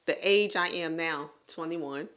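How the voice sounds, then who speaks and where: A woman in her late thirties co-hosting a podcast, chatting casually, laughing often and telling stories with animated energy. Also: low voice, measured pace. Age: 30s. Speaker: podcast co-host. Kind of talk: casual chat. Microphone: USB condenser microphone.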